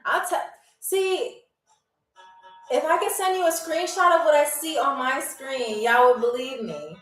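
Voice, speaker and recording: High-voiced chatty woman livestream host. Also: unhurried, a bit bright. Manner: chatty, teasing, reads viewer comments aloud. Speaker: game show host on a livestream. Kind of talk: casual live-stream chat. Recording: roomy echo, distant from mic, faint music.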